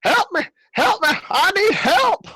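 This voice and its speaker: A frail, bearded old man in a full panic, pleading at the top of a thin, cracking register. He shouts in frantic bursts, high and strained. It is a tabletop game voice, pitched far above the speaker's own. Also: very animated, a little slow, no room sound, full character voice. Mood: panicked.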